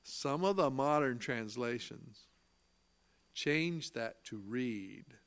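In a mid-range, slightly bright voice with lively intonation, a preacher slowly and emphatically reads scripture in archaic phrasing and explains it. He stresses key phrases and asks his listeners questions, answering each one himself.

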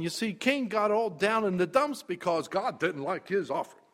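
A man preaching a sermon, emphatic, dropping quiet and then rising loud. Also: high voice, lively intonation, moderate pace.

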